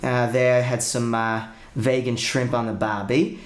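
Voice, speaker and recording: A man doing a laid-back Australian surfer bloke, breezy and slangy, with a put-on Australian accent. The voice sits a bit higher and louder than his plain talk. The room gives it a roomy echo. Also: level tone, unhurried, natural voice.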